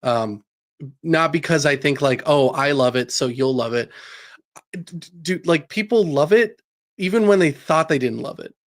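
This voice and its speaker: A man co-hosting a podcast in casual chat, excitable, swearing freely and acting out scenes from shows he loves. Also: a little high, moderate pace. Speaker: podcast co-host.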